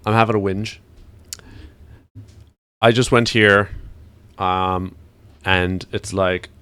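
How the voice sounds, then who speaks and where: A man's voice: sits low, fairly even intonation, slow, fairly bright tone, smooth, dry recording. A man streaming, chatting casually and ranting to himself as he browses.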